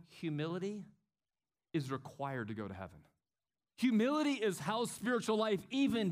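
A middle-aged male pastor delivering a sermon with a fairly high voice. He acts out quotes and swings between hushed and loud passages.

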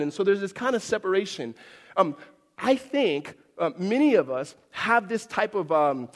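A man giving a sermon as pastor, animated and conversational, acting out quoted voices with big swings up and down. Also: sits high, big-room sound.

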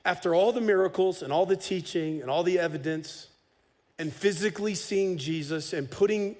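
A man preaching a sermon as pastor, conversational and animated, with casual humor. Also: high-pitched, normal speed.

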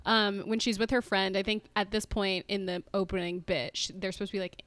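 A woman co-hosting a podcast in a playful, jokey casual chat full of quick asides. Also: mid-range voice, little pitch movement, a bit bright, dry recording. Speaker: podcast co-host.

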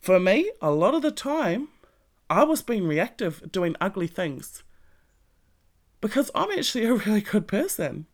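A creaky, gravelly voice delivers a blunt motivational monologue, swearing freely and pressing the listener with direct questions. The pitch sits in a middle register, and the delivery stays emphatic and plain-spoken throughout. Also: very animated, measured pace. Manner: speaks straight to the listener with pointed questions. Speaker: self-help vlogger.

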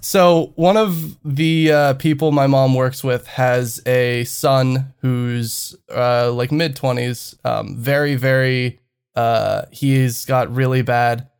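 A young man co-hosting a podcast tells a story in casual chat, rambling and hesitant with lots of fillers, laughing through his own tale. His medium-pitched voice is steady and clean, and he speaks slowly with few pauses.

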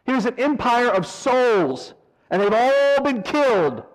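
A man leading a verse-by-verse Bible study, animated, swinging from loud emphasis to quiet asides and mocking mourners in a whiny voice. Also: very high voice, slow, rough recording. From American South. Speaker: Bible teacher.

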